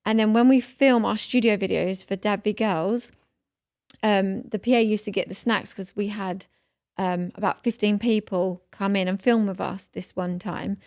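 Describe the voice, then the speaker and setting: A woman's voice: medium pitch, steady tone, moderate pace, darkish tone, no echo, studio quality. Woman telling a rambling story. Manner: rambling, emotional storytelling with many fillers. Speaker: podcast co-host. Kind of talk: casual chat.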